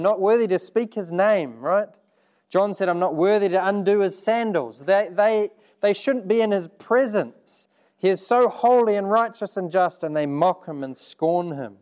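A man's voice: high voice, a little slow, a little mellow, lo-fi sound. A man preaching a sermon, earnest and conversational, turning to the congregation with asides. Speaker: pastor.

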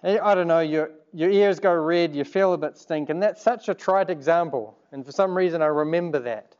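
A man's voice: on the high side, moderate pace, darkish tone, clean tone, muffled recording. A man preaching a sermon, earnest and conversational, turning to the congregation with asides. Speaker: pastor.

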